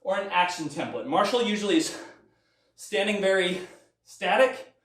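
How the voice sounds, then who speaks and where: A man's voice: sits high, expressive, normal speed, a bit bright. A man teaching stage combat in a live online class, coaching with upbeat energy and counting reps while he demonstrates the moves. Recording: roomy echo, mic at a distance, faint music.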